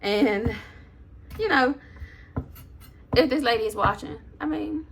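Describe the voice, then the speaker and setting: A woman's voice: fairly high pitch, normal speed, vocal fry, pauses often, slight background noise. A woman vlogger telling a story as a casual rant, in a sassy, sarcastic, chatty way. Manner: animated, loose and chatty.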